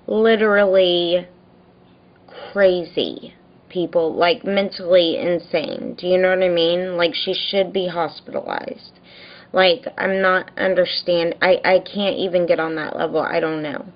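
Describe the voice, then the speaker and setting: A woman's voice: on the low side, steady tone, slow pace, highs cut off. A woman vlogger venting in a rambling, frustrated daily video diary, telling a story by quoting what she and others said.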